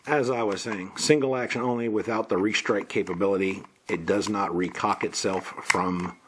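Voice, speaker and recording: A man's voice: lowish voice, steady tone, normal speed, noisy background. A man casually walking through an unboxing, listing parts in a plain, matter-of-fact way. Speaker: gun reviewer.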